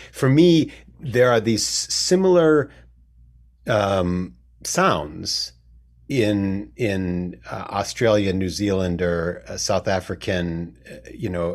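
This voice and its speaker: A man hosting a conversation, asking questions in a halting, roundabout way. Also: lowish voice. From United States. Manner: hesitant, halting, circles around his questions. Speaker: podcast host. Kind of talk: casual interview conversation.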